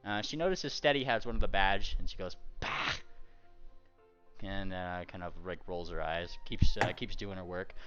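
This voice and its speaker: A man narrating as game master of a tabletop game, animated and laughing often. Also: sits low, brisk, few pauses, clear, resonant tone, soft background music. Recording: dull lo-fi audio.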